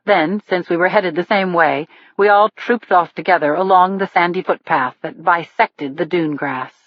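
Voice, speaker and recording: Low-voiced woman reading a thriller. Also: dry recording. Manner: steady first-person storytelling. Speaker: audiobook narrator. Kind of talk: scripted narration. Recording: dull lo-fi dry recording.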